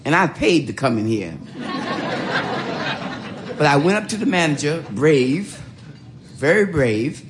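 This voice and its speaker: An older woman, telling her life story in an animated, laughing way. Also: extremely low pitch, unhurried, long pauses, noisy background. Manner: animated, laughing, acts out voices. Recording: roomy echo.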